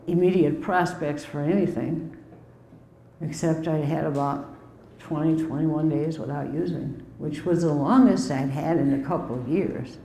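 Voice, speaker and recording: Low-voiced woman telling her recovery story. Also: warm tone, reverberant, a little hiss or hum, low-quality recording. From Milwaukee, US Midwest. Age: 50s. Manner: candid, conversational storytelling with wry asides. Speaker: recovery speaker. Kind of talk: personal recovery testimony.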